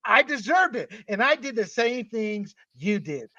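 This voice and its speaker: A man's voice: high voice, sing-song, measured pace, pushed and bright, no room sound. A male podcast host in a casual panel discussion, blunt and mocking, acting out other people's voices as he talks. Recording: muffled, distant mic.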